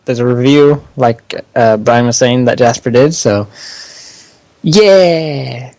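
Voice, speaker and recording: A man's voice: medium pitch, slow, darkish tone, no room sound. A young man co-hosting a casual podcast, laughing often and stumbling through the news he reads. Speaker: podcast co-host.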